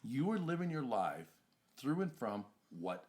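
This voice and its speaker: A man's voice: medium pitch, sing-song, measured pace, darkish tone. A man hosting a casual podcast conversation, speaking in an emphatic, motivational coaching manner. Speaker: podcast host.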